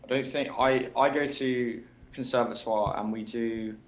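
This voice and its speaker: A young man with a British accent, a music student guest, giving his view in a measured way with hesitant restarts. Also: medium pitch, steady tone. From Britain. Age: young adult. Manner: measured, thinking aloud with hesitations. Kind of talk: casual chat. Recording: roomy echo.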